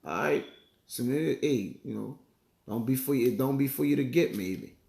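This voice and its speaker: A man giving a casual sermon, chatting loosely and reading Bible verses slowly while he hunts for passages. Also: mid-range voice, lively intonation, gravelly, warm tone, roomy sound. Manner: conversational, peppers lines with "man" and "all right"; reads verses slowly, searches aloud for passages. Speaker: bible teacher.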